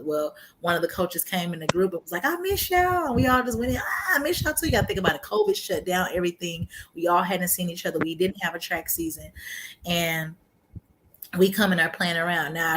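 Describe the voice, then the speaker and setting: A woman's voice: lowish voice, background noise. A woman, telling her faith testimony in casual chat, acting out quotes and laughing often. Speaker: guest sharing her testimony.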